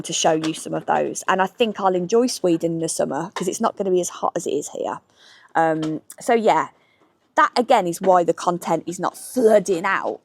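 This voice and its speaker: A middle-aged woman from Birmingham with a Brummie accent, chatting candidly with frank asides as she answers viewers' questions outdoors in a garden. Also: lowish voice. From Birmingham, England. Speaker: history YouTuber.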